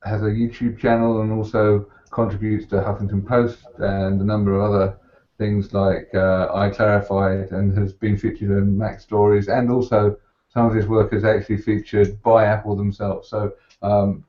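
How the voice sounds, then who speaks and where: Hosting a casual interview, a middle-aged man puts his questions slowly in a low voice that barely moves in pitch. He's heard through a muffled online call with a roomy echo.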